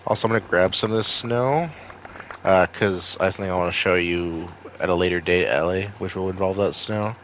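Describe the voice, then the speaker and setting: A man with a Maine accent streams a video game, chatting casually with viewers, rambling and swearing freely. His voice is low, fairly bright, and a little fast, with slight background noise.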